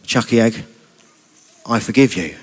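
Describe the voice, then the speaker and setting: A British man voicing a sad, gentle male egg who speaks low and softly. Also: fairly even intonation, very fast, big-room sound. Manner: low, soft and subdued.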